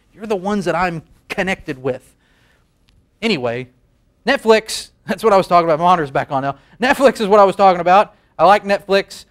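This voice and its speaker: A man in his thirties hosting a late-night show in a studio, rambling self-deprecatingly through a comic monologue and laughing at his own jokes. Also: high-pitched. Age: 30s. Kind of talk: comedic monologue. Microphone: facing a camera.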